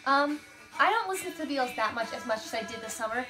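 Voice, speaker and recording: A woman's voice: high voice, lively intonation, fast talker, music in the background. A teenage girl in casual chat, answering questions with lots of fillers and giggles. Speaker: guest answering tag questions.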